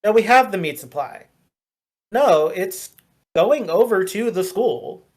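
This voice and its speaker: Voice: medium pitch, lively intonation, slow pace, darkish tone. A GM doing a grumbling, weary burger joint manager. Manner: weary, grumbling, muttering to himself.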